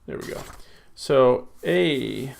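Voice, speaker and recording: With lively intonation, a slow pace and a creaky mid-range voice, a Greek teacher goes through exercises on a recorded lesson. He reasons aloud at the keyboard, self-correcting and filling pauses often.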